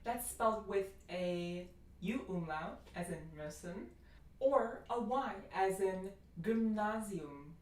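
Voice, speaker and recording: A woman's voice: mid-range voice, animated, slow pace, darkish tone, roomy sound. An American woman giving a phonetics lecture, listing sound features and demonstrating each one. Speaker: linguistics teacher.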